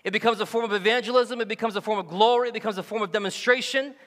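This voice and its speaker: A male pastor preaching a sermon, animated and joking, who often acts out the voices of the people he quotes. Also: high-pitched, very fast, long reverb tail. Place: church sanctuary.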